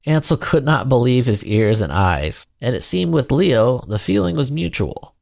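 Gravelly man narrating a storybook. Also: mid-range voice, big pitch swings, normal speed, a little mellow, dry recording, clean studio sound.

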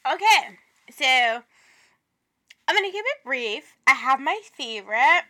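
Woman, podcast co-host, casual chat, high voice, bright tone, profane, animated. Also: unhurried. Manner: profane, animated, laughing, dramatic.

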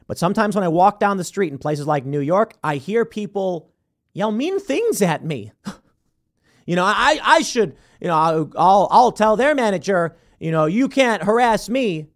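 A man hosting a political commentary show, talking in an animated, sarcastic, combative way. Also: on the high side. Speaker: host.

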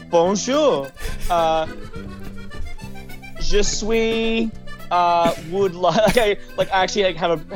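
A man, a guest on a podcast, telling funny stories in a casual chat and teasing the host. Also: fairly high pitch. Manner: animated storyteller, playful insults.

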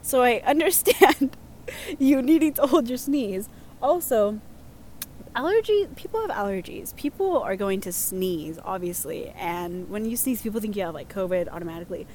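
A woman's voice: medium pitch, animated, normal speed, darkish tone, a little hiss or hum. A young woman casually reading out listener stories, chatty and prone to giggling. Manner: giggly, chatty, lots of fillers. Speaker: host reading listener submissions. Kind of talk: casual chat.

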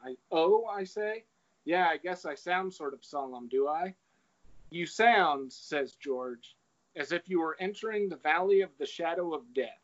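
A man's voice: fairly high pitch, expressive, a little slow, a bit bright. A man in casual chat, retelling an essay and reading quoted passages aloud. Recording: dull lo-fi recording.

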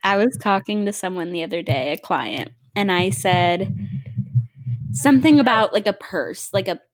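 A young woman from South Dakota co-hosting a podcast, chatting casually and telling animated stories that often break into laughter. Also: medium pitch, normal speed. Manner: giggly, animated storytelling with quoted voices. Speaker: podcast co-host. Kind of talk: casual chat.

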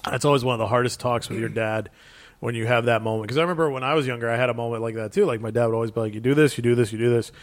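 A man's voice: medium pitch, steady tone, rapid-fire, no room sound. A man chatting casually about comics, enthusiastic and rambling, quoting characters as he goes.

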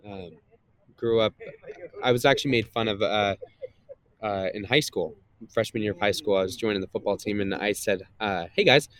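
A man's voice: fairly low pitch, fairly even intonation, moderate pace. A man, a guest and content creator, chatting casually in an interview with a slightly nasal voice, rambling with many fillers and restarts.

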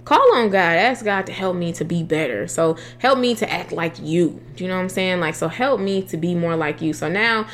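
A woman's voice: lowish voice, moderate pace, hardly any pauses, a little hiss or hum. A young adult woman sharing faith advice in a casual, earnest way, with slangy phrasing and frequent restarts.

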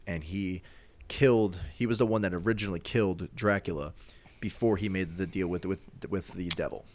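A man's voice: deep voice, moderate pace, a little hiss or hum. A man casually retelling a movie plot to a friend, rambling along with lots of fillers and restarts. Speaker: storyteller recapping a movie. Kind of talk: casual chat.

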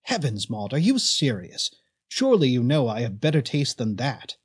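A man reading the part of a calm, composed woman who reassures and questions steadily. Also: medium pitch, moderate pace, slightly rough. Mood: calm, reassuring.

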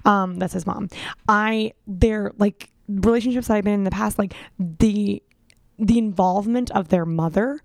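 Chatty woman storyteller with a slightly gravelly voice, casual podcast talk. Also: mid-range voice, moderate pace, dry recording, clean studio sound. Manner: chatty storyteller, filler-heavy. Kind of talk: casual chat.

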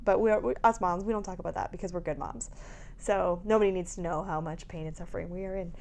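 A woman's voice: fairly low pitch, fast, vocal fry, a little hiss or hum. A woman in her thirties, a mother of babies, telling a candid story in casual chat with lots of laughs and frank swearing. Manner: animated storytelling, laughing, swearing, acting out quotes.

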